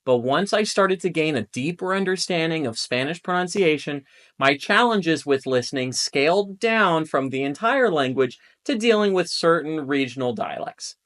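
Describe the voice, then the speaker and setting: A young adult man who is a native English speaker, teaching a Spanish pronunciation lesson in a clear, patient way and drilling vowel sounds. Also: fairly high pitch, expressive, moderate pace, a bit bright. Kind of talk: instructional video lesson.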